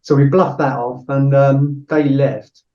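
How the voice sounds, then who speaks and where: A man's voice: medium pitch, fairly even intonation, slow, warm tone. Blunt man telling a story. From Britain. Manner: blunt, swears freely, many "you know" fillers. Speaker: podcast guest, former soldier. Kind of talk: casual storytelling interview. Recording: roomy, distant, dull-sounding mic.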